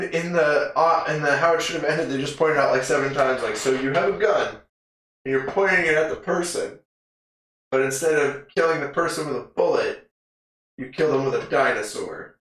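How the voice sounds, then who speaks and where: A rambling, laugh-prone man co-hosting a podcast, recounting a film in loose casual chat with a bright, forceful tone. His voice rings around a very echoey room, and he swears freely as he goes. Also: fairly high pitch, normal speed. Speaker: podcast co-host. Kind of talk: casual movie recap chat.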